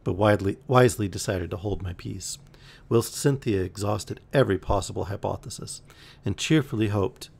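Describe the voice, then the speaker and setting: On a live stream, an audiobook reader with a low, gravelly male voice reads a novel aloud at normal speed, lightly voicing the characters. His manner is relaxed, though he occasionally slips and restarts.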